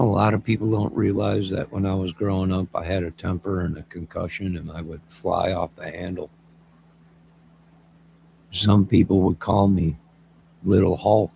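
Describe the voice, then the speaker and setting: A man's voice: low voice, little pitch movement, normal speed, vocal fry, warm tone, slight background noise. A man rambling in a mocking, wandering monologue, speaking to someone off to the side. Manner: mocking, wandering, talks to an unseen listener.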